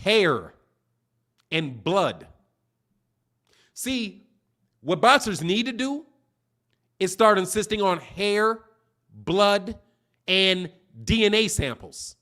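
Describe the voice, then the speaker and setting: A man's voice: sits high, big pitch swings, extremely slow, pauses often, sharp tone. A man hosting a boxing channel livestream, ranting casually in slangy, profane, mocking talk and laughing often.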